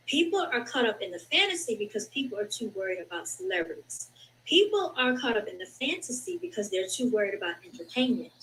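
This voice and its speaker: A woman's voice: medium pitch, slight background noise, low-quality recording. A woman hosting her own show, chatting casually with listeners and reading passages from a book aloud over a video call. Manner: chatty, addresses listeners as y'all. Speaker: podcast host.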